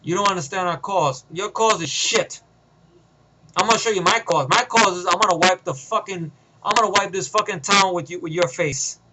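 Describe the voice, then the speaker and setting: A man's voice: high voice, normal speed, sharp tone, poor audio. A man voicing a profane ex-soldier heroine. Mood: taunting. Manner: menacing, swearing, interrogating. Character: tough female ex-soldier vigilante, cold and profane.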